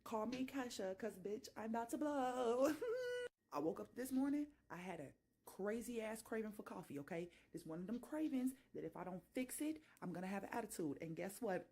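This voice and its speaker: A woman's voice: on the high side, big pitch swings, brisk, warm tone. Exasperated woman ranting at home. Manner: exasperated, profane and dramatic. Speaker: vlogger. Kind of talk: casual rant to camera. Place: home kitchen.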